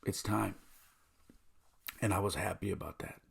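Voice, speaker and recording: Gravelly, husky man telling a story. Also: low voice, moderate pace. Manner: earnest, emotional, thinking aloud. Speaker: podcast host. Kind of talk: personal storytelling.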